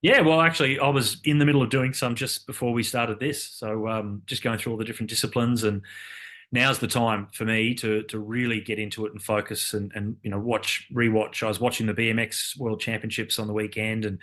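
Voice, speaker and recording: A man's voice: lowish voice, level tone, brisk, a bit bright. A man, talking as an interview guest in a loose, rambling way with many fillers and restarts. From Australia. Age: 50s. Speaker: guest, Olympic cyclist and commentator. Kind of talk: casual interview conversation.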